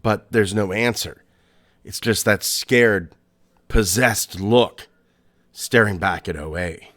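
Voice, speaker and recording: A man hosting a podcast, narrating a scary story in a suspenseful way, with pauses and restarts. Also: fairly low pitch, fairly bright tone. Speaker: podcast host.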